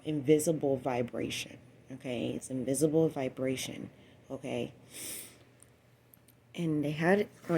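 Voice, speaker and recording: A woman in her late twenties telling a rambling personal story to the camera, cursing often and swinging between a low murmur and loud exclamations. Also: a little hiss or hum. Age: 20s. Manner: profane, repetitive, meandering storytelling. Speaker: vlogger.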